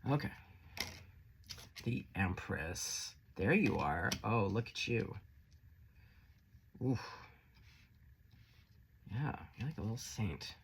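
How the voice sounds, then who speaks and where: A man's voice: lowish voice, big pitch swings, takes it slowly, creaky, long pauses, a little hiss or hum. A man giving a casual tarot reading, chatty and encouraging, swearing freely. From Canada. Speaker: tarot reader.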